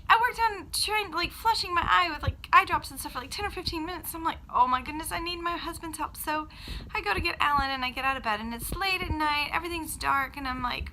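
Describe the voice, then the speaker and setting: A woman with children chatting casually to camera in a vlog, telling a story with lively acted-out quotes. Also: sits high, a little hiss or hum, poor audio. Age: adult with children. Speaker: vlogger.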